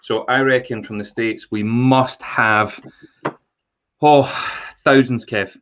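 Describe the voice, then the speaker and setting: A man hosting a podcast, chatty and quick to laugh in casual banter. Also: mid-range voice, fairly even intonation, a bit bright, slight background noise. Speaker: podcast host. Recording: slightly dull, lo-fi sound.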